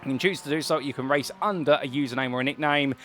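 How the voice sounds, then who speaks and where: A man's voice: mid-range voice, quick pace, fairly bright tone, slight background noise. A British man in his thirties, commentating a sim racing qualifying session in a chatty, rambling way with polite turns of phrase. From United Kingdom. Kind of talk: solo race commentary.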